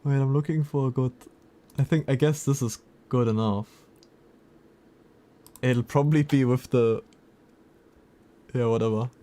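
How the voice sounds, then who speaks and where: A man's voice: medium pitch, steady tone, measured pace, pauses often, warm tone. Male streamer, mid-range voice, casual running chatter with viewers. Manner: chatty, reacts to chat messages. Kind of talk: casual livestream chat.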